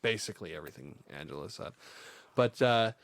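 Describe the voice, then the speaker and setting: A man's voice: sits low, expressive, brisk. A man co-hosting a casual podcast chat, joking crudely and swearing freely. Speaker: podcast co-host.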